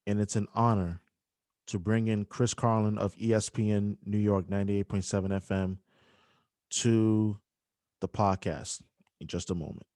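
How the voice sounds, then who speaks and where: A young man hosting a podcast, speaking emotionally with halting restarts and apologies. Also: on the low side, little pitch movement, a little mellow, no echo, studio quality. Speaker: podcast host. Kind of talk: emotional podcast dedication and interview.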